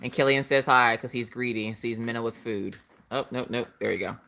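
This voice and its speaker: A woman's voice: extremely low pitch, brisk, fairly bright tone. A woman chatting casually to viewers during a home livestream, telling stories and acting out quotes. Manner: chatty storytelling, acts out quotes, talks to chat. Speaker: livestream crafting host.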